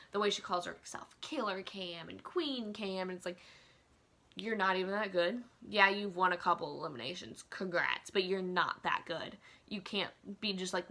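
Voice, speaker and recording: A woman with a bright, sharp voice rants casually into her phone. She is chatty and opinionated, with plenty of "like" and "um" along the way. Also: medium pitch. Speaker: vlogger. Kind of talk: casual rant.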